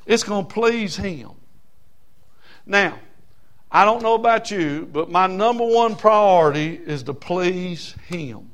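Folksy high-voiced preacher. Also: male voice, lively intonation, takes it slowly, a bit bright. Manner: folksy, humorous, emphatic, with frequent uh fillers. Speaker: pastor. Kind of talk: sermon. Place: church before a congregation.

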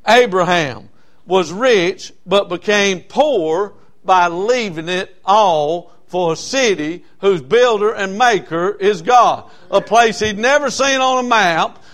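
Preacher man, high voice, hammering points over and over, lots of uh uh. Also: fairly bright tone. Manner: emphatic preaching with repetition and frequent "uh" fillers. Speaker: pastor. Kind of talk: sermon. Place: church.

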